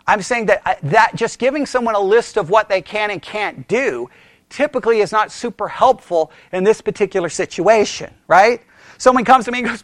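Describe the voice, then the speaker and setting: High-voiced male pastor preaching. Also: a little fast, a bit bright, no echo. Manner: conversational, quizzes the audience with questions; frequent self-corrections and restarts. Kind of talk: sermon.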